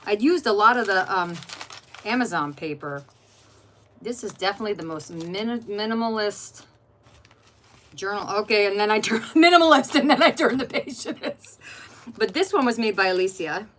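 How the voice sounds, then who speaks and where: A woman's voice: mid-range voice, animated, moderate pace, fairly bright tone. A middle-aged woman hosting an art journaling channel, chatting casually while flipping through her journal and greeting viewers by name.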